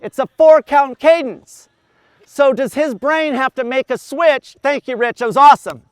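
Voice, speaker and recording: A man's voice: very high voice, moderate pace, clear, resonant tone. A man coaching a group outdoors, explaining running and swimming cadence step by step and counting breaths aloud in rhythm. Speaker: endurance coach.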